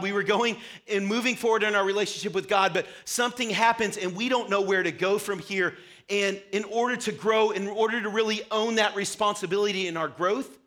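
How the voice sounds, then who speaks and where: A young man preaching a sermon to a church congregation, telling stories with animation. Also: high-pitched. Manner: animated storytelling, acts out his childhood self. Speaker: pastor. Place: church sanctuary.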